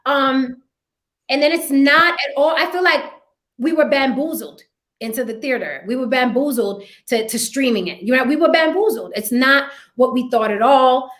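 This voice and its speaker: A woman hosting a casual live movie review, talking in an animated way and acting out quoted voices. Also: sits high, moderate pace. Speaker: host.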